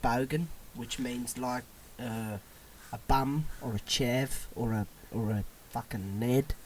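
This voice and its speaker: A British man co-hosting a podcast, chatting casually, excitable and sweary, laughing often. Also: medium pitch, slow, slight background noise. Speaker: podcast co-host. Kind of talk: casual chat.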